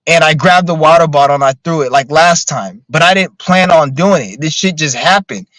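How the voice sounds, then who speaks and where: A man's voice: on the high side, moderate pace, a bit bright, a little hiss or hum, low-quality recording. A man ranting casually on a livestream, profane and rambling with lots of filler words. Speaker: streamer.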